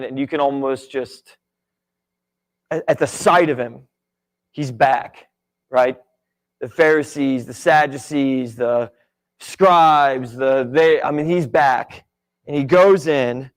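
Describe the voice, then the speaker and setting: Chatty male Bible teacher, fairly high voice. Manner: conversational, many "right?" and "like" asides. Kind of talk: casual Bible lesson. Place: church.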